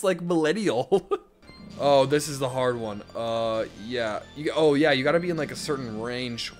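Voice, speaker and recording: A man's voice: mid-range voice, unhurried, soft background music. A young man commenting casually on a video game, laughing, joking at himself and swearing. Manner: laughing, self-mocking, swearing. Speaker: gaming streamer. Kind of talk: casual let's play commentary.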